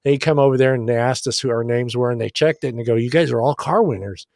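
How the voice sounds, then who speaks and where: Swearing, animated man telling a story. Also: medium pitch, quick pace, no echo, studio quality. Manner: animated, swears a lot, acts out voices. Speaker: podcast co-host. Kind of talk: casual storytelling chat.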